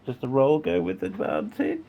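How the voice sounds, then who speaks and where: A man playing a tabletop game who describes his character's moves and often clears his throat. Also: on the high side, wildly swooping pitch, normal speed, mellow. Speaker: player.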